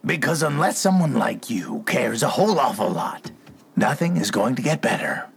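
A man's voice: mid-range voice, very animated, normal speed, creaky. An actor playing a regretful, reclusive man who earnestly urges a boy to make a difference. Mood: urging. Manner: earnest, urging. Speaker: film character. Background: music score.

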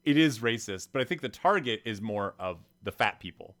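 A man's voice: lowish voice, lively intonation, fairly quick, a bit bright. Rambling storyteller man on a podcast. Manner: storytelling, acts out quotes, rambling restarts. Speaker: podcast co-host. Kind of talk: casual chat.

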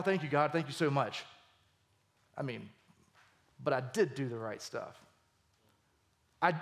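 A male pastor preaching a sermon with animated emphasis, his voice climbing for key points. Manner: animated, voice rising high for emphasis.

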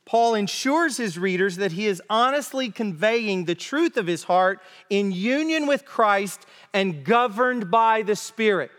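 Slow, high-voiced man preaching in a hall. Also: animated, fairly bright tone. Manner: emphatic, deliberate, repeats key phrases. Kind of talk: expository sermon. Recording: long reverb of a large hall.

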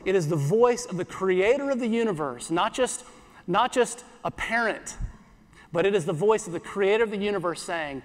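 A pastor giving an earnest sermon in church, repeating phrases and slowing down for scripture. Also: male voice, high voice, lively intonation, long reverb tail.

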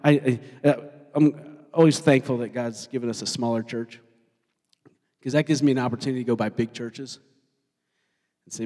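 A male pastor preaching a sermon, talking in an animated way and putting questions to his congregation. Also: medium pitch, normal speed, pauses often. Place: church sanctuary. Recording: long hall reverb.

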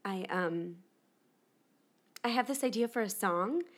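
An actress performs a dramatic monologue as a young female pop star in her twenties, candid and shaken, for an audio drama. Speaking slowly but animatedly in a medium-pitched voice, she rambles on chattily with plenty of "like" fillers.

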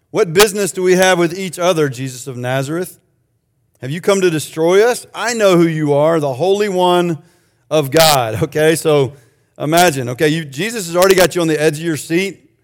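A male pastor delivers a sermon in a relaxed, conversational way. His voice sits fairly high, and he breaks off for joking asides to the people in the pews.

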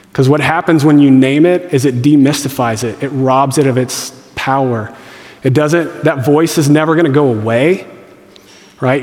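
Pastor preaching in a reverberant hall. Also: male voice, mid-range voice. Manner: conversational and joking, with playful voiced asides. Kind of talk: sermon.

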